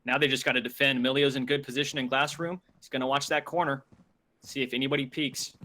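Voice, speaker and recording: A man's voice: mid-range voice, little pitch movement, fast, sharp tone, slight background noise. A man co-casting a mobile shooter tournament on a live stream, mixing laid-back joking banter with match calls. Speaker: esports co-caster. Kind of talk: live game commentary.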